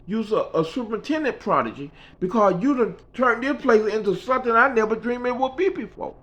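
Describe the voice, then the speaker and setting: A man's voice: very high-pitched, animated, a little fast, a bit bright, pitched above the performer's own voice. A man voicing a tearful, amazed older woman golfer who speaks in a pleading, emotional way. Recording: dull lo-fi recording.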